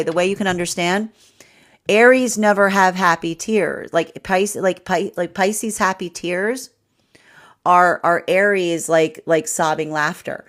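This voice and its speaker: A woman's voice: medium pitch, unhurried, fairly bright tone. A woman tarot reader giving a live astrology reading, rambling with many fillers and restarts and laughing often.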